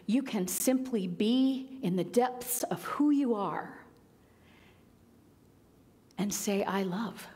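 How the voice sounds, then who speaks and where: A woman preacher giving a gentle, reflective sermon with emphatic repetition. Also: mid-range voice, slow, long pauses. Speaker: pastor. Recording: long reverb of a large hall.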